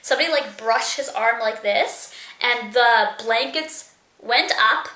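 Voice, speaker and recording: Chatty young woman with a bright voice. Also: a little high, a little slow. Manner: chatty, lots of fillers. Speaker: vlogger. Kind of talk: casual storytelling. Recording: echoey room.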